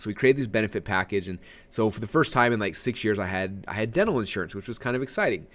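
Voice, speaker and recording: A man presents a marketing webinar in a rapid, energetic and conversational way. His voice sits on the low side, and he keeps checking in with his listeners as he goes.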